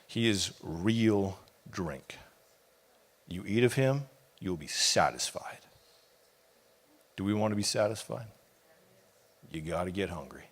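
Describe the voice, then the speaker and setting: A man's voice: deep voice, lively intonation, moderate pace, long pauses, breathy edge. Impassioned man preaching a sermon. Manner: impassioned, conversational preaching with casual asides. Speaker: pastor.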